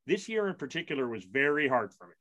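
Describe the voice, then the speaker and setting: A man's voice: mid-range voice, big pitch swings, fast, fairly bright tone, lo-fi sound. A middle-aged man chatting casually as a podcast co-host, rambling through a story with plenty of restarts and self-deprecating asides. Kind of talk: casual chat.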